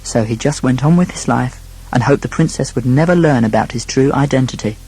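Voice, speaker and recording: A man narrating a children's storybook, speaking gently to a young listener. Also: medium pitch, fairly quick, husky, rough recording.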